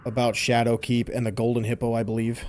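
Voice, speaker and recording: Hoarse man narrating a game walkthrough. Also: medium pitch, monotone, fast talker, darkish tone, a little hiss or hum. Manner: chatty, teases the enemies. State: hoarse, lost his voice. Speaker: gameplay walkthrough host. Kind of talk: casual game commentary.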